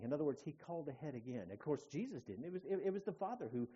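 A male pastor preaching a sermon, telling the story in an animated way that swings from hushed to loud. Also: fairly high pitch, very fast, hardly any pauses, husky. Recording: dull lo-fi church recording.

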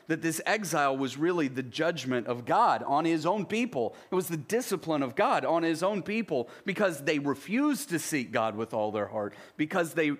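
A man's voice: a little high, fairly bright tone. A middle-aged man pastor preaching a sermon in a conversational way, reading scripture aloud and then explaining it.

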